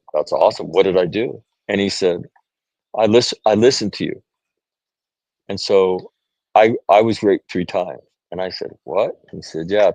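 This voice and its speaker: A middle-aged man from the United States speaks earnestly in a low voice, recorded close and dry. He tells stories in conversation, quotes what others said, and keeps checking with "right?". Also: a little mellow, no room sound, rough recording. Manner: repeats "right?", many restarts, quotes others. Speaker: podcast guest, author.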